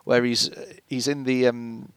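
A man's voice: medium pitch, level tone, measured pace, crowd noise. A man co-hosting a casual podcast, talking in a rambling, hesitant way with frequent restarts. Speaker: podcast co-host. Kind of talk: casual chat about a TV episode.

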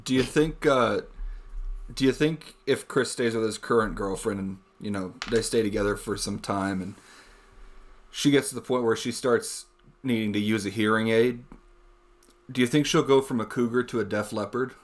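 A man's voice: on the low side, normal speed. A man chatting casually with friends on a podcast, giggly and laughing through his own jokes. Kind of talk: casual chat among friends.

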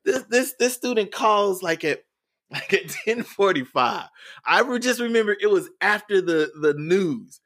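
A man's voice: sits high, animated, measured pace, fairly bright tone. A man, an educator and interview guest, telling a story in a podcast interview with earnest, repeated phrasing. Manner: earnest, repeats words while building a story.

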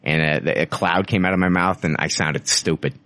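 A man's voice: low-pitched, steady tone, a little fast, a bit bright, no echo. A man hosting a podcast in casual chat, swearing a lot, rambling and mocking himself. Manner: profane, rambling, self-mocking. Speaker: podcast host.

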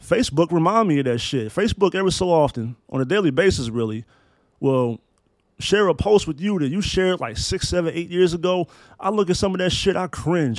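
His pitch fairly high and his pace fairly quick, a Maryland podcast host in his thirties talks animatedly on his solo show. He swears freely and stacks up emphatic, preacher-style build-ups. The recording has no room sound.

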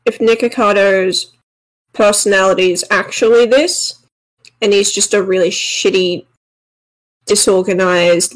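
A woman's voice: mid-range voice, low-quality recording. A woman co-hosting a casual commentary podcast in a mid-range voice. She gives blunt, dismissive opinions in a plain conversational way. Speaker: podcast co-host.

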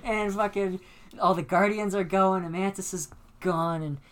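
A woman co-hosting a casual chat show, retelling a film scene in an animated, profane way, acting out the dramatic moments. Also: medium pitch, normal speed. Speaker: podcast co-host.

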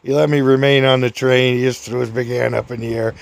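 An older man casually telling a rambling personal story, chuckling often and raising his voice high to act out other people's lines. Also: level tone, fairly quick, creaky, no echo.

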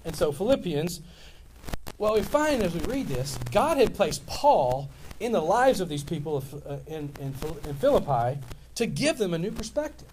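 A Louisiana pastor in his fifties delivers a sermon, spinning stories in a lively, meandering style full of restarts. His voice sits high and moves at a moderate pace, with a faint hiss or hum in the recording.

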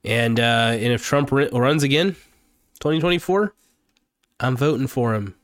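A man's voice: mid-range voice, normal speed, dry recording. A man from Oregon giving an angry, profane, rambling political rant for his vlog, speaking close to the mic. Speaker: political vlogger.

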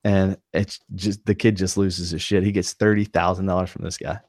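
Low-voiced man rambling casually. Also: little pitch movement, normal speed, a little mellow, no room sound, studio quality. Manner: rambling, lots of fillers and restarts. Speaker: podcast co-host, streamer. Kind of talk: casual podcast chat. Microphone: video call.

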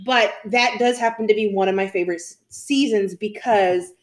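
A woman in casual podcast chat, frank and opinionated, with quick asides. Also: medium pitch.

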